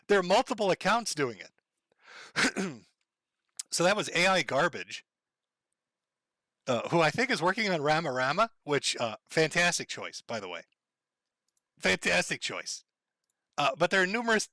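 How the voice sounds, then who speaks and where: A man with a Minnesota accent talks loosely to his livestream chat, rambling, cursing and chuckling as he goes. His voice sits fairly high with a sharp, bright edge. The sound is dry, with no room echo. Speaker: livestream host.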